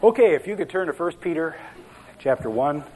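A man's voice: fairly high pitch, expressive, fairly quick, a little mellow, some chatter behind, a little hiss or hum, poor audio. A man telling jokes as a pastor at the start of a sermon, in a folksy, rambling way, chuckling at his own stories.

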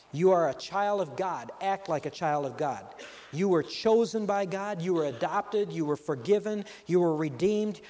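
A man preaching a sermon as a pastor, slow and emphatic, building to forceful peaks on key lines. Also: fairly high pitch, long reverb tail.

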